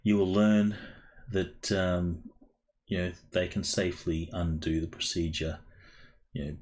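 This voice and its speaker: A man's voice: low-pitched, flat delivery, a little mellow. A man narrating as game master of a tabletop role-playing game, hesitant and full of fillers. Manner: halting, many fillers.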